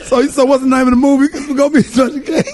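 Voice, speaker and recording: A man's voice: very high voice, flat delivery, quick pace, darkish tone, faint music behind. A man hosting a morning radio show, joking and laughing in casual banter. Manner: laughing, joking, Southern Black American vernacular.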